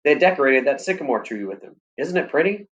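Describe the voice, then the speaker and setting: A man's voice: fairly high pitch, big pitch swings, quick pace, a bit bright, dull audio, voice pushed up. A man reading aloud, voicing an eager young farm boy who pleads and exclaims.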